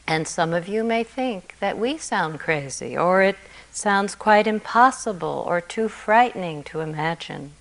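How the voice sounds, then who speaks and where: A woman meditation teacher giving a gentle, reflective dharma talk, often trailing off softly at the ends of phrases. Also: fairly low pitch, expressive, measured pace, creaky, rough recording. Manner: gentle and reflective, soft endings.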